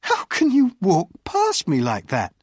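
Teasing woman of about thirty played by a reader, wistful, lively pitch. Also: unhurried, husky, no echo, clean studio sound, exaggerated voice.

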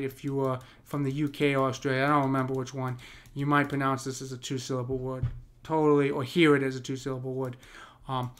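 A man's voice: medium pitch, a bit bright. A man with an American accent explaining poetic meter in a casual lesson, thinking aloud with many fillers and restarts. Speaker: poetry teacher. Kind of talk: casual screen-share lesson.

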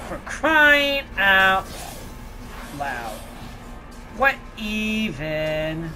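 A let's play host giving casual gameplay commentary, reacting loudly, swearing and talking back to enemies. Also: medium pitch, big pitch swings, extremely slow, music in the background.

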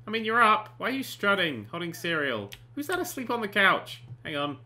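A man giving sarcastic, excitable commentary while playing a life simulation game, often swearing and bursting into panicked shouts. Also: sits high, fairly quick, few pauses. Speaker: gaming channel host. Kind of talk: comedic let's play commentary.

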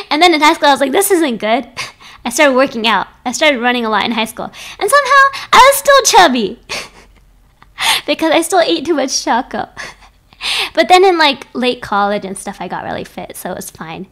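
A woman's voice: high-pitched, sing-song, moderate pace, bright, forceful tone. A young woman streaming from home into a desk microphone, chatting casually and playfully with her viewers, often giggling.

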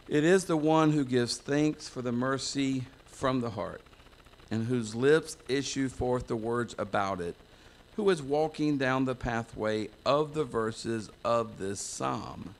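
A man's voice: medium pitch, slow. A man from the United States preaching a folksy, self-mocking sermon to a church congregation, wandering into asides. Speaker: pastor.

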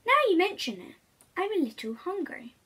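A woman voicing a timid but stubborn little cave creature in a storybook reading, with a high, polite way of refusing. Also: big pitch swings, moderate pace. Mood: eager.

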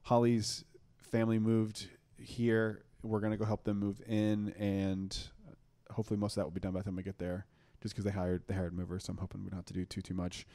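Eager young man with a lowish voice. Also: monotone, a little fast, mellow. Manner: enthusiastic, rambling with many restarts. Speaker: podcast host. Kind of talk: casual chat.

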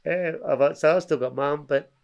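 An Australian man with a fairly high, creaky voice chats at a normal speed as a podcast guest, spinning a long, rambling yarn packed with slang. He's animated, often stopping and restarting sentences and slipping into other people's voices to act out their lines in this casual storytelling chat.

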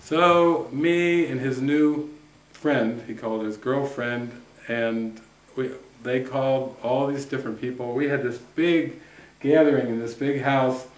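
A male spiritual teacher telling a story to a retreat group, animated and often laughing as he acts out what people said. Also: mid-range voice, a little slow. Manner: animated anecdote, often laughing and acting out quotes. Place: retreat center room. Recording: echoey room.

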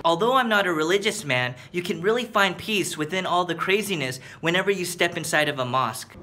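A man's voice: high-pitched, lively intonation, brisk. A man from Korea hosting a vlog, chatty and friendly, often checking in with "okay?". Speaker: vlog host. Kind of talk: casual vlog narration. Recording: noisy background.

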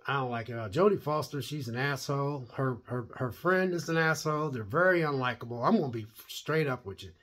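Husky-voiced man ranting about a show. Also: mid-range voice, animated, fairly quick, hardly any pauses, fairly bright tone. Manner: rambling, blunt and opinionated. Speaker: show reviewer. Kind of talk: casual spoken review.

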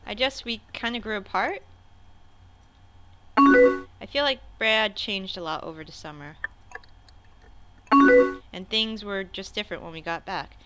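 A woman reading out the chat messages of a young female high school friend, over game music and keyboard typing. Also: expressive, unhurried, long pauses, lightly acted. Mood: sad. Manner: reads chat messages aloud.

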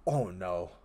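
A man with a low voice casually talks through a story game as he plays. He reads chat lines aloud and throws in quick offhand reactions and the odd swear. Loud game music plays behind him along with keyboard typing. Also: highs cut off. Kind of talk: casual let's-play commentary. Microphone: desk mic with face cam.

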